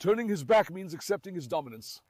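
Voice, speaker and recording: A man hosting a dog vlog, who excitedly pleads with and scolds his dogs, then calmly comments on their behavior. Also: high-pitched, fast talker, loud music behind the voice. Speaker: dog owner and channel host. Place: outdoor garden with dogs.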